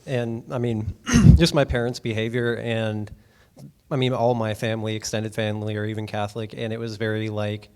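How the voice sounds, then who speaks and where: A man telling his personal faith story in an interview, speaking softly and hesitantly. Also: lowish voice, little pitch movement, normal speed, clear, resonant tone.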